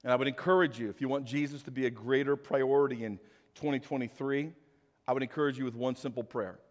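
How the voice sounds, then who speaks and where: A man preaching a sermon as pastor, emphatic, swinging between loud bursts and quiet asides, recorded in an echoey hall. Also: mid-range voice, fairly even intonation, fast.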